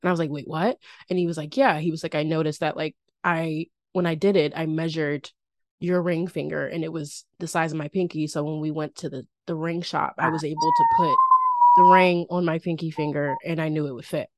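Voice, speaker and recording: A woman's voice: low voice, sing-song, fairly quick, a little mellow, no room sound. Young woman podcaster rambling on w lots of likes and giggles, dry close mic. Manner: rambling, filler-heavy, giggly. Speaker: podcast host. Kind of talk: casual chat.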